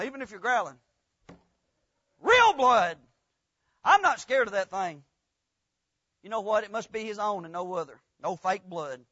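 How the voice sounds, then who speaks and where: High, bright-voiced preacher man. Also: no room sound. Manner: rambling, folksy, rising to loud fervent preaching. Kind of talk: folksy storytelling sermon. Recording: dull, lo-fi dry sound.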